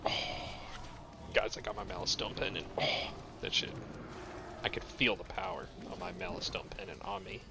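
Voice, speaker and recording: A man's voice: low-pitched, steady tone, normal speed, long pauses, background noise. Profane, rambling male game streamer. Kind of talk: casual live gameplay commentary.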